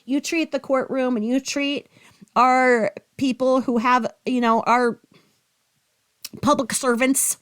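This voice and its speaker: A woman's voice: high-pitched, steady tone, slow pace, fairly bright tone, clean tone. A woman giving a heated, sarcastic commentary rant, scolding with rhetorical questions and audibly angry. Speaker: commentary YouTuber.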